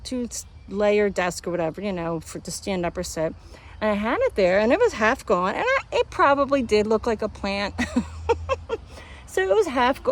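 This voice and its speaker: A woman vlogger talking casually and venting, acting out what other people said to her. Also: mid-range voice. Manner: chatty, animated, acts out others' lines. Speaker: homestead vlogger.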